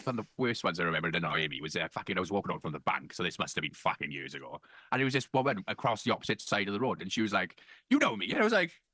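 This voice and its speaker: A man's voice: deep voice, very animated, racing, bright, forceful tone, no room sound, clean studio sound. A man co-hosting a podcast, telling anecdotes in casual chat, swearing constantly and laughing through his stories. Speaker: podcast co-host.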